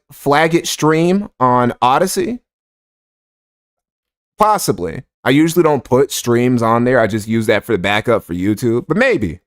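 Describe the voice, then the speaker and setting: A man giving sarcastic, profane, rambling commentary on a livestream while reading donations. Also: medium pitch. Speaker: streamer reacting to clips.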